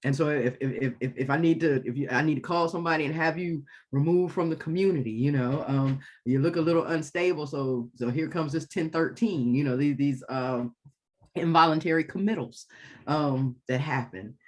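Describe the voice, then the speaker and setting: Animated man leading a group talk. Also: on the high side, normal speed. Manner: animated, repeats words when starting. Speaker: facilitator. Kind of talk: group discussion.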